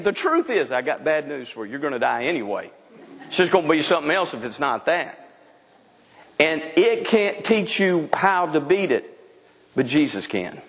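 A man's voice: fairly high pitch, big-room sound. A middle-aged man preaching a sermon in a frank, emphatic way, often restarting his sentences. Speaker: pastor.

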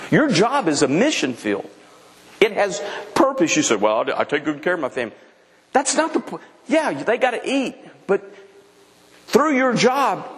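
A man's voice: high-pitched, big-room sound. A middle-aged man preaching a sermon in a frank, emphatic way, often restarting his sentences. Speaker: pastor.

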